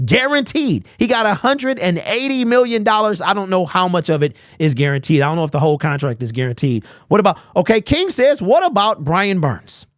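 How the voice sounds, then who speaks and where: Blunt ranting high-voiced man, dry close mic. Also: expressive, brisk, few pauses, no room sound. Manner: blunt and ranting, with rhetorical questions. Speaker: host. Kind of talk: live-stream sports talk, reading chat.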